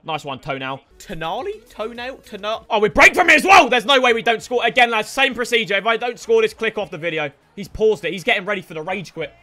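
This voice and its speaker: A young man calls his own football video game, swearing and shouting at the players on screen. His voice is bright and sharp and sits high for a man. It leaps around in pitch as he swings from outbursts to low grumbles. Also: lively intonation, fast, few pauses. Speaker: gaming streamer. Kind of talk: live gameplay commentary.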